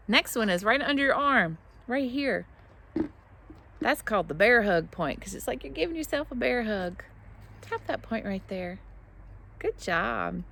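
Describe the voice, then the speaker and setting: A woman teaching a tapping exercise to children, speaking slowly and encouragingly and praising them often. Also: medium pitch, a bit bright, slight background noise. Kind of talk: gentle instruction for kids.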